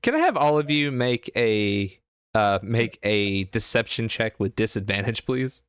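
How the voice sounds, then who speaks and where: A man narrating a tabletop game as game master, halting with many fillers and restarts. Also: on the low side, big pitch swings, smooth, dry recording.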